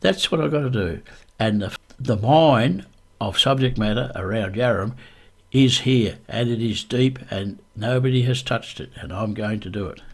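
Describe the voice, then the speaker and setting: A man practicing a voiceover, speaking low and deep close to the microphone in a deliberate, repetitive self-coaching way. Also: vocal fry, slight background noise. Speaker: YouTube creator.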